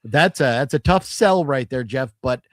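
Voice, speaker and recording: A man's voice: mid-range voice, lively intonation, normal speed, a bit bright, no room sound, clean studio sound. A man co-hosting a podcast, chatting casually about a movie with rambling restarts and laughs. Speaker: podcast co-host. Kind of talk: casual movie review chat.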